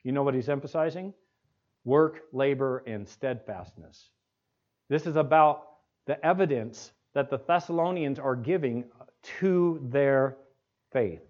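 Man preaching with rhetorical questions. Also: fairly high pitch. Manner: asks the congregation rhetorical questions, slows words down for emphasis. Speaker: pastor. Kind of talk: expository sermon. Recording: dull lo-fi recording.

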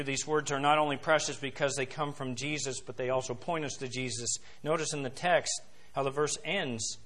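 A man preaching a sermon in a bright, forceful voice that sits a little high. He drops into soft, low asides, then climbs to loud, emphatic peaks. He reads scripture and hymn lines slowly, leaning on each word. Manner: quotes scripture and hymn lines in a slow, stressed cadence. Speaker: pastor.

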